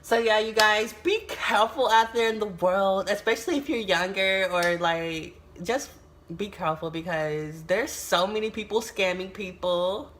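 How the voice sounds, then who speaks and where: A young adult woman from the United States tells a storytime vlog in a casual, animated way, swearing often and exclaiming a lot. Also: mid-range voice, normal speed, a little hiss or hum. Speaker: YouTuber.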